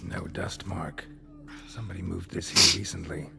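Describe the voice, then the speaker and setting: An actor playing a terse, weary male monster hunter with a gravelly voice and clipped, laconic phrasing in a video game. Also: deep voice, flat delivery, normal speed, very noisy. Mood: wary. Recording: game audio with loud music under it.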